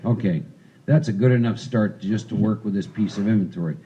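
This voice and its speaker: A man's voice: fairly low pitch, fairly quick, warm tone, muffled recording, a little hiss or hum. A man leading a recovery workshop, talking casually and coaching volunteers through a role-play. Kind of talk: interactive recovery workshop talk.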